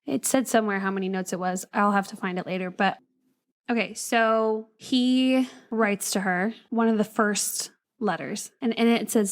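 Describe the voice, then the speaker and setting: A woman's voice: medium pitch, moderate pace. American woman reading letters on a podcast. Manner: reads letters aloud with dry asides and laughs. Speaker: podcast host. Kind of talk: casual true-crime podcast storytelling.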